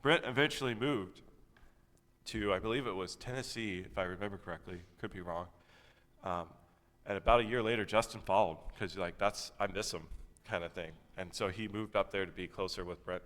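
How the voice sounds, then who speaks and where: Smooth-voiced man preaching in a reverberant church. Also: sits low, brisk, a bit bright. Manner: conversational, rambling with fillers. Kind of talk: sermon. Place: church sanctuary. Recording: long hall reverb.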